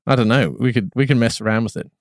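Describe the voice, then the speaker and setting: A man's voice: medium pitch, quick pace, no echo, clean studio sound. A man co-hosting a podcast in casual chat, teasing and joking. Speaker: podcast co-host.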